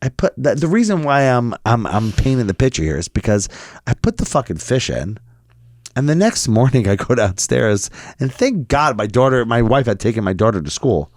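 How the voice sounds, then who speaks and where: Homem contando história animado e palavrão. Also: male voice, mid-range voice, normal speed, dry recording, studio quality. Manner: animated, profane, acts out quotes. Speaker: podcast co-host. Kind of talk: casual storytelling chat.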